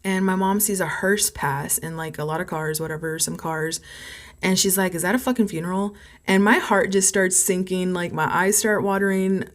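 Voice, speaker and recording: A woman's voice: level tone, normal speed. Heated, foul-mouthed young woman vlogger. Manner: swears heavily, rambling and heated; flares up loud and high when angry. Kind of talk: casual storytime vlog.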